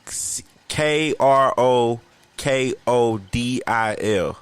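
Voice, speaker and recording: Animated slangy man telling a story. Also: mid-range voice, very slow, smooth, no room sound. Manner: animated, profane, slangy, laughs often. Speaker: podcast co-host. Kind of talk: casual storytelling chat.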